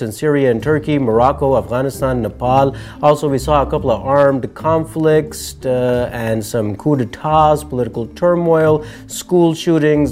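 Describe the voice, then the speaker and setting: A man's voice: mid-range voice, a little mellow. A man hosting a year-end commentary show, wry and sermonizing with jokey asides. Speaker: show host.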